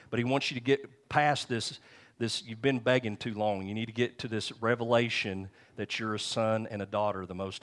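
A middle-aged man preaching a sermon. He talks in a somewhat low voice and keeps it conversational, with asides and repeated phrases. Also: a bit bright. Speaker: pastor.

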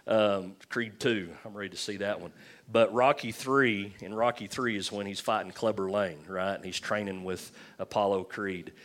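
Preacher guy, lowish voice, chatty sermon w/ jokes and lots of restarts. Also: steady tone, moderate pace, a bit bright. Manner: conversational and joking, with frequent restarts. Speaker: pastor.

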